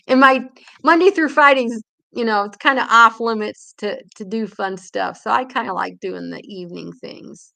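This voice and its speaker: A woman's voice: fairly high pitch, normal speed, creaky, bright, forceful tone. An older woman with a Hoosier accent hosting a casual live-stream chat from home, rambling and laughing often. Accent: Indiana. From England. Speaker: livestream host.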